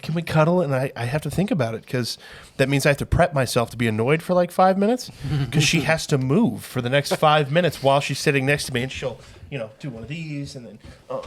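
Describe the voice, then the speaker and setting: A young man co-hosting a casual podcast, telling stories with lots of laughter. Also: mid-range voice. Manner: laughing, animated storytelling. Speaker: podcast co-host. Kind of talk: casual banter.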